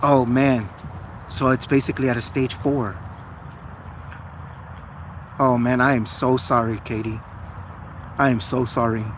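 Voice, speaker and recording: A man's voice: medium pitch, steady tone, measured pace, long pauses, slight background noise, rough recording. A man in a casual livestream chat with viewers, chatty, earnest and apologetic. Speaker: vlogger.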